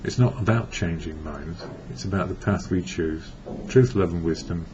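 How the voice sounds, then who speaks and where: At a moderate pace, a low-pitched man from England offers a reflective monologue about recovery. He blogs on the subject, and here he rambles and corrects himself. The recording sounds dull and lo-fi, with faint hiss.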